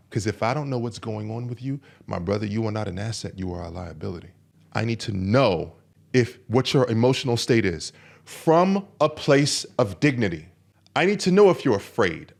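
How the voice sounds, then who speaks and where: Give me a gravelly man giving an emphatic podcast coaching monologue. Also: a little high. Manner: emphatic, repetitive, preaching. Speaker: men's coach and podcast host.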